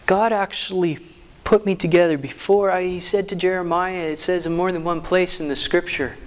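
A man preaching a sermon who reads scripture aloud slowly and then jokes with his listeners. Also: sits high, steady tone.

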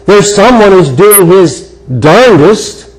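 A man preaching a sermon, telling a personal story in an earnest way with emphatic pauses. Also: high-pitched, lively intonation, low-quality recording. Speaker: guest preacher.

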